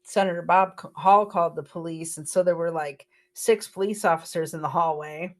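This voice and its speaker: A woman's voice: fairly low pitch, fairly even intonation, normal speed. A middle-aged woman, a podcast guest, earnestly retelling a personal story and quoting the people in it. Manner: emotional, earnest retelling with quoted dialogue.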